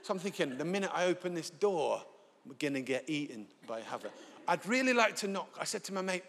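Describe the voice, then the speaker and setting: A man preaching a sermon in a church, telling a lively, self-deprecating personal story. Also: fairly high pitch, fairly quick. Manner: animated storyteller, self-deprecating, acts out voices. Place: church, live. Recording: reverberant church hall.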